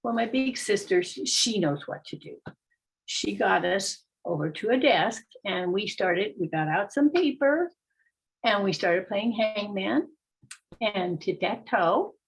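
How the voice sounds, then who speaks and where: An older woman telling a childhood story aloud at a storytelling gathering, lively and exclaiming in sudden high bursts. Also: unhurried, husky, rough recording. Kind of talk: live oral storytelling.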